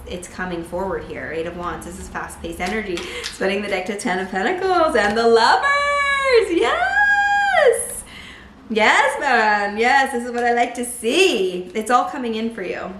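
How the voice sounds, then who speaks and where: A woman giving a casual tarot reading to camera, chatty and full of "like", breaking into excited bursts now and then. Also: mid-range voice, a little hiss or hum. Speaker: tarot reader. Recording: echoey room.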